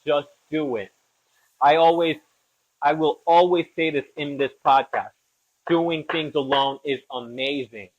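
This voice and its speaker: Cooking at home, a young podcast host talks casually, rambles, and pokes fun at himself. His voice is a little high and his pace measured. The audio is lo-fi and slightly dull.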